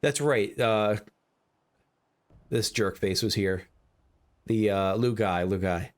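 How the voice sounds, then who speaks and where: Male let's player, hoarse today, rambling and self-interrupting, low-pitched. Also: takes it slowly. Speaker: game streamer. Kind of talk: let's play commentary.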